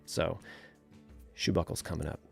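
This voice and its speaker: A man's voice: normal speed, soft background music. A man with a New England accent hosting a casual livestream, reading viewer comments aloud and chatting easily, with frequent laughs and fillers. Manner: relaxed, chatty, laughs often, many fillers. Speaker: livestream host.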